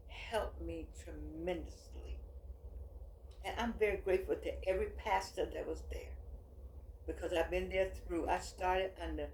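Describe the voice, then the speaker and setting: A woman's voice: on the low side, creaky, darkish tone. Rambling woman in her eighties, echoey room. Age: 80s. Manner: rambling, emphatic, with frequent restarts. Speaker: author and vlogger. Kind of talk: casual reflective monologue. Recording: echoey room with faint background noise.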